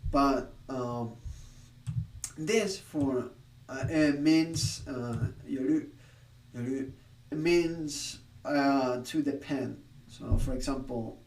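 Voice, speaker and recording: A man streaming his study session, explaining his thoughts in a halting, self-correcting way. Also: mid-range voice, darkish tone, roomy sound, recorded from a distance, slight background noise. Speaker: streamer learning a language.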